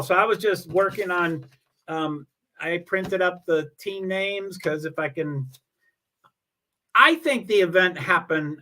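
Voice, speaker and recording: Chatting by himself on a home livestream, a man reads viewers' comments aloud, wandering off-topic and making fun of himself. He has a higher voice with a sharp tone.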